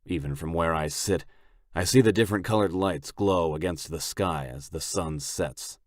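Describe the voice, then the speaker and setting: A man narrating a romance audiobook in the first person with a steady, unhurried reading. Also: sits low, no room sound, studio quality.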